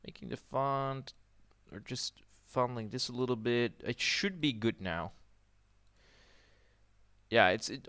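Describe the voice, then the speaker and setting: Slow, rambling young man streaming games. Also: on the low side, fairly bright tone, dry recording. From Netherlands. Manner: rambling, trails off and restarts while fiddling with settings. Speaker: gaming streamer. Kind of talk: casual livestream commentary.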